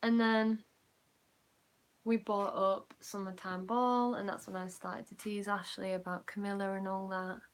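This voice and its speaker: A teenage Yorkshire girl chatting through a storytime vlog, voice sitting at an ordinary middle pitch. She rambles with plenty of "like" fillers, and her voice sinks softer whenever she remembers being nervous. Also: flat delivery, unhurried. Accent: Yorkshire English. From Yorkshire, England. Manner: chatty, rambling, many "like" fillers, drops quieter when recounting nerves. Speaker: vlogger. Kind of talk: casual storytime.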